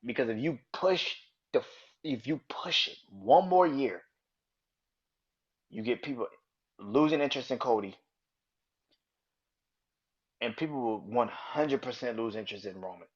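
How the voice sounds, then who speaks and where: A man hosting his own podcast, ranting angrily and swearing, jumping from loud outbursts to low mutters. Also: animated, unhurried, long pauses, breathy edge. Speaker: podcast host. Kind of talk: casual solo podcast rant. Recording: dull lo-fi sound.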